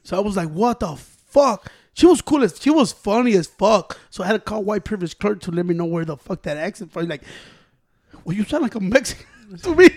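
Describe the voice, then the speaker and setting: A young man telling stories in casual chat among friends, animated and profane, often laughing as he talks. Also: high-pitched, fast.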